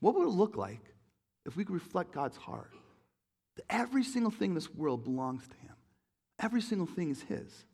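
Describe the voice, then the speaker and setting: Animated pastor man preaching. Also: high-pitched, brisk, vocal fry, breathy edge. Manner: animated, acts out quoted voices, jokes with the congregation. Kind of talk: sermon. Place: church.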